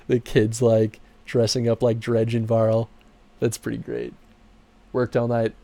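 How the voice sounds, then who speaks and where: A man casually chatting with viewers on his livestream while game credits roll. He laughs often and his voice jumps high when he gets excited. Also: a little slow, creaky. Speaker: streamer and game producer.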